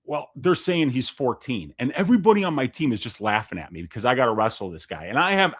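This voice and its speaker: A middle-aged man co-hosting a podcast, telling a long story in casual chat, swearing freely and acting out the people he quotes. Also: medium pitch. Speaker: podcast co-host.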